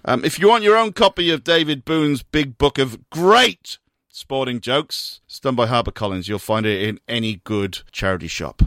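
Lively bright-voiced radio host. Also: male voice, medium pitch, normal speed, no echo, clean studio sound. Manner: animated, reads out jokes with lively voiced quotes. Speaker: radio show host reading jokes. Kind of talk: casual radio chat and joke reading.

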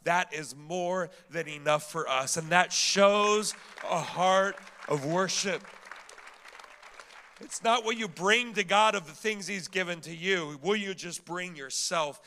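A male pastor delivers a sermon in a high, bright and forceful voice. He preaches with emphasis, throws rhetorical questions at his listeners and often repeats a word as he drives a point home. His tone stays fervent and direct. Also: slow, a faint crowd. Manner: repeats and restarts words when building a point.

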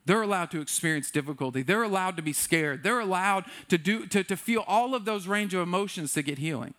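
A man preaching a sermon as a pastor, candid and self-deprecating, shifting between lively bursts and quiet earnest passages. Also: high-pitched, brisk.

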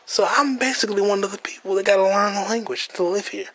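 A man's voice: sits high, fairly even intonation, fast talker, fairly bright tone, husky. A man in his twenties with an American accent, hosting a podcast as a casual solo monologue, profane and joking, stumbling over his words. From United States. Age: 20s. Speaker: podcast host.

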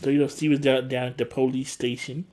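A man, recapping a TV episode in casual chat and acting out the characters' lines with laughter. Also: fast talker. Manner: animated, acts out characters' lines with big pitch jumps and laughter. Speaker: podcast co-host recapping a TV episode.

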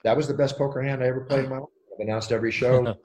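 A middle-aged man, an interview guest, telling animated stories with energy and acting out quotes and sound effects. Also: mid-range voice, rapid-fire, a little hiss or hum. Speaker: interview guest, ring announcer. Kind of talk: animated storytelling.

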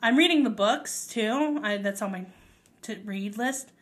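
A woman's voice: a little high, unhurried, fairly bright tone. A woman vlogger ranting casually to camera, exasperated and emphatic, swearing freely.

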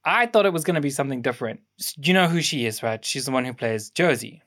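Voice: medium pitch, animated, quick pace, a bit bright. This is a young adult co-host of a casual film review podcast, sharing production trivia in a loose, rambling way. The delivery is full of ums, self-corrections and restarts, as if piecing facts together while talking.

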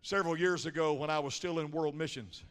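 Bright-voiced Pentecostal preacher in a reverberant hall. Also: male voice, fairly high pitch, steady tone, fast. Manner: rhythmic preaching, swells from storytelling murmur to shouting and chanting; punctuates lines with a breathy "huh". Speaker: pastor. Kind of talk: Pentecostal sermon. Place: large church sanctuary. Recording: live sermon with long hall reverb.

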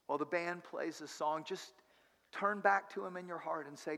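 A man's voice: a little high, fairly even intonation, moderate pace, creaky. Man preaching in a reverberant hall. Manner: dramatic storyteller, swings from hushed to loud. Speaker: pastor. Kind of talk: sermon storytelling.

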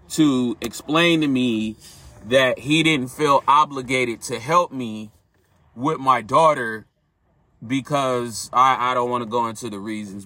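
Earnest man with a bright, forceful voice. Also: medium pitch, no room sound. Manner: earnest, reflective, speaks directly to listeners. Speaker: podcast host. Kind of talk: personal storytelling monologue.

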